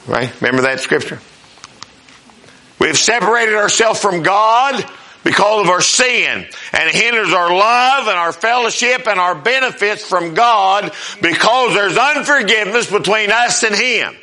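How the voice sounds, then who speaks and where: Older pastor preaching, folksy and storytelling, high-pitched voice. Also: male voice, animated, moderate pace. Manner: folksy storytelling preacher, swings between soft and loud. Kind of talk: sermon.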